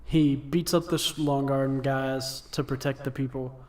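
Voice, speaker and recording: A man's voice: mid-range voice, fairly even intonation, measured pace, a little mellow, distant mic. Laid-back man chatting a bit off-mic. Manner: laughing, acts out character quotes in goofy voices. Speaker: podcast co-host. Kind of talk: casual chat.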